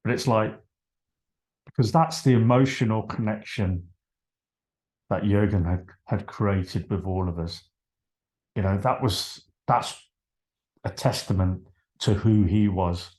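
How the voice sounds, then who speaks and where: A man telling a story on a podcast over a video call, animated, acting out his own dialogue and trailing off. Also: low-pitched, measured pace, long pauses. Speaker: podcast guest. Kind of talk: casual storytelling.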